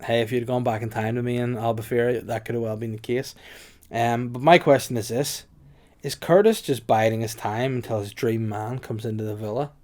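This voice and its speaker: A man's voice: mid-range voice, fairly even intonation, a little mellow. Joking Northern Irish man, podcast host. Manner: joking, quick to slip into silly voices. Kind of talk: casual comedy chat.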